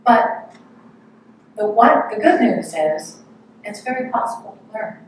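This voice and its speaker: A woman giving a gentle, storytelling sermon in a large room, heard from a distant mic. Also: medium pitch, animated, unhurried, long pauses, heavy reverb, slight background noise. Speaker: speaker at a spiritual service.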